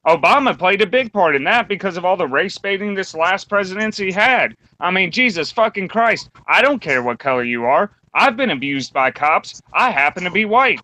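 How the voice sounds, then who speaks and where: A man's voice: sits high, expressive, moderate pace, few pauses, pushed and bright, no echo, poor audio. A man hosting a podcast round table, delivering a blunt, combative rant full of swearing. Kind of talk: profane opinion rant.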